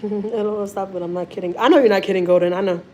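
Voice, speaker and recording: A woman with a Texan accent chatting casually on a family live stream, animated and repeating herself as she talks while holding a phone in her kitchen. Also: mid-range voice, quick pace, slight background noise. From Houston, Texas. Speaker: family vlogger. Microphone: handheld phone.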